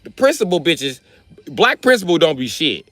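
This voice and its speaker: A man streaming live, telling profane stand-up stories in a loud, swearing manner. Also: fairly high pitch, normal speed, no echo, faint music behind. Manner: loud, animated, swearing freely. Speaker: comedian streamer.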